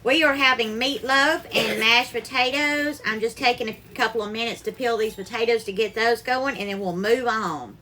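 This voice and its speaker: A woman's voice: on the high side, normal speed, few pauses, bright, forceful tone, a little hiss or hum. A woman hosting a live-stream cooking show from her kitchen, greeting viewers by name and calling them darling.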